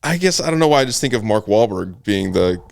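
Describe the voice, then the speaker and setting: Gravelly low-voiced man hosting. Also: a little fast, no echo. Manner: relaxed, asks curious follow-up questions. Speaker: podcast host. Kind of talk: casual interview.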